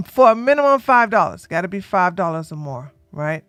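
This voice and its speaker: A woman livestreamer in casual chat, talking softly and without hurry. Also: fairly low pitch, big pitch swings, dry recording, clean studio sound, faint music behind. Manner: soft, unhurried talk, a break from her usual yelling.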